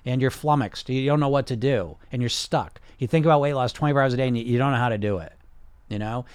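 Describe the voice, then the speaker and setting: A man's voice: mid-range voice, fast, clean tone, dry recording. Blunt, passionate man with a dry sound. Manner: blunt and passionate, swears, many restarts. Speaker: podcast host and weight loss coach. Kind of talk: casual unscripted podcast talk.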